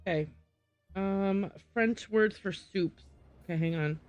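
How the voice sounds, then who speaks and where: A woman's voice: medium pitch, slow, a little mellow, highs cut off, faint music behind. A woman streaming a game, thinking aloud and muttering to herself as she works through word puzzles. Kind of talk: casual gameplay livestream.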